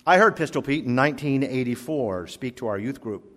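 A man's voice: lively intonation, fairly bright tone. Man preaching in a reverberant church hall. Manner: storytelling preacher with wide swings in pitch and volume, slowing for emphasis. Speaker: pastor. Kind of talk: sermon. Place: church sanctuary.

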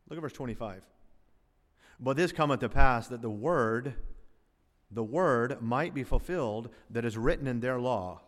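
A man's voice: medium pitch, a little slow, in a large hall. A male pastor preaching a sermon to his congregation, emphatic and full of rhetorical questions. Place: church sanctuary.

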